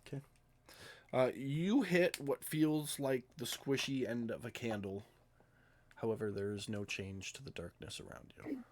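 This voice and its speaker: A man acting as game master in a live tabletop game, talking in a relaxed way with hesitant fillers. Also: mid-range voice, a little slow, a little hiss or hum.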